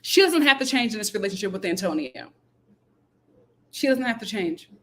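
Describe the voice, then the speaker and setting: Woman, reality TV recapper, casual and animated, jumps into high voices to mimic people. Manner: animated and incredulous, acts out quotes in high voices. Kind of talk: casual reality show commentary.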